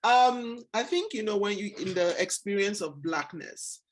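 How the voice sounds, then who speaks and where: Animated Nigerian woman hosting a book talk. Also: mid-range voice, measured pace, a little hiss or hum. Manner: animated storyteller, acts out quoted exchanges. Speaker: book club host. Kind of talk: casual book discussion.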